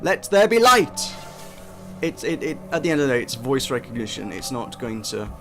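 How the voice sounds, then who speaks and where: A man's voice: medium pitch, expressive, fast, soft background music. A young man giving casual, chatty first impressions of a game, self-deprecating and often restarting his sentences. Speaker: game reviewer. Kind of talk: casual gameplay commentary.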